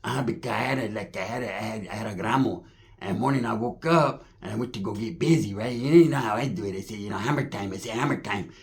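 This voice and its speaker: A man's voice: fairly low pitch, fast talker, vocal fry. A man with a Californian accent telling a rambling, profane street story full of slang and acted-out quotes.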